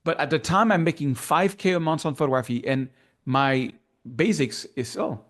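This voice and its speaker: A man's voice: fairly high pitch, normal speed, a bit bright. A man with a French accent, a guest in a casual interview, telling his story with animation and acting out remembered dialogue. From France.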